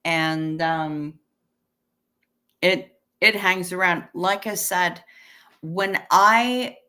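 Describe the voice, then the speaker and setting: Woman, 50s, livestream host. Unhurried, bright voice; casual, salty, chatty with viewers. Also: lowish voice. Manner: chatty and profane, thanks viewers. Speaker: livestream host reading chat. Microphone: webcam stream setup.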